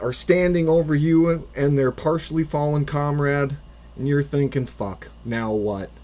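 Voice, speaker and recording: A man with a mid-range, darkish voice runs a tabletop game as a first-time dungeon master. He improvises the narration, rambling, swearing a lot, and restarting often.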